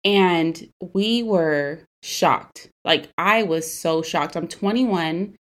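A woman's voice: fairly low pitch, extremely slow. A woman in her twenties hosting a podcast, recounting a painful personal story candidly and emotionally, with many casual fillers. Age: 20s. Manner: candid, emotional, frequent "like" and "you know" fillers. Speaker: podcast host.

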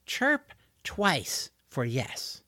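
A man's voice: a little high, huge pitch swings, extremely slow, pushed and bright, no room sound, studio quality, exaggerated voice. A man voicing an anxious twelve-year-old boy in an audiobook, speaking in an earnest, pleading way. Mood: coaxing.

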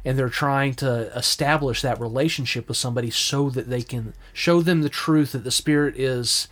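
A man co-hosting a casual Christian podcast, talking in a reflective, halting way with frequent restarts. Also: mid-range voice, fairly bright tone. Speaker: podcast co-host.

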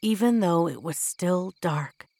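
A woman's voice: on the low side, lively intonation, slow pace, creaky, mellow, no room sound. A woman reading a children's storybook aloud, with playful asides to the listener. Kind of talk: scripted storybook narration.

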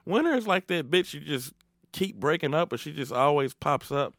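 Man, podcast co-host, lively swinging voice, jokey, swears a lot, dry close sound. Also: a little high, normal speed, no echo. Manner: animated, joking, swears a lot, mimics people. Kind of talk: casual profane chat.

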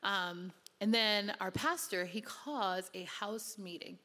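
Woman preacher sharing her testimony, earnest and chatty, mid-pitched, long hall reverb. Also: takes it slowly, pushed and bright. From Connecticut, USA. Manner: earnest, conversational, many "you know" fillers. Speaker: speaker giving a testimony. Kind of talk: sermon-style personal testimony.

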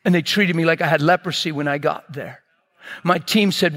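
A man preaching, telling a personal story in an animated way and acting out scenes with sound effects. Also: a little high, normal speed. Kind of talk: sermon testimony storytelling.

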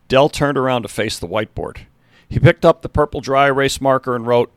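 A man's voice: mid-range voice, a little fast, fairly bright tone, dry recording, clean studio sound. A man narrating a story, reading steadily and now and then correcting a slip.

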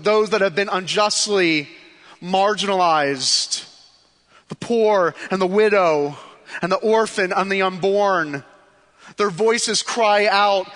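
High bright-voiced preacher man in reverb. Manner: impassioned, shifts between soft hushed pleas and rising forceful declarations. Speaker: pastor. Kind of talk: sermon. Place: church sanctuary.

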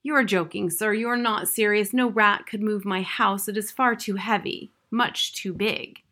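A woman's voice: fairly high pitch, moderate pace, pitched above the performer's own voice. A woman reading the lines of a timid, worried mother mouse in an anxious, pleading way. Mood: bitter. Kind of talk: audiobook reading.

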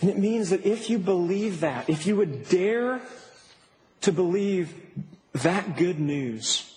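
A man's voice: high voice, expressive, slow pace, darkish tone. A man preaching a sermon as pastor, earnest and building to emphatic peaks. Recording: reverberant hall with faint noise.

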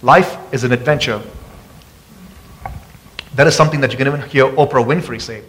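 A man preaching a sermon as pastor, passionate and calling out to the congregation for responses, often rising loud and high for emphasis. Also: animated, brisk, pauses often. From abroad. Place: church sanctuary.

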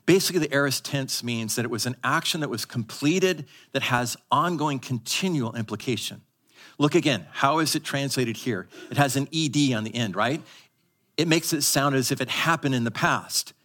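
A male pastor preaching a live sermon to a congregation, teaching emphatically and having the audience repeat words, moving between quick asides and slow stressed phrases. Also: mid-range voice, a bit bright. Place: church service.

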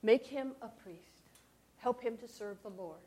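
A woman's voice: on the high side, a little slow, warm tone, slightly rough. A woman storyteller voicing a devoted woman who longs for a child, speaking earnestly and pleadingly. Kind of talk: storytelling aloud.

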